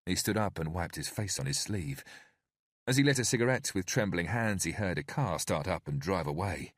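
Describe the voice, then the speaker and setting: Deep husky male audiobook narrator. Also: animated, normal speed, no echo, clean studio sound. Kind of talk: scripted narration.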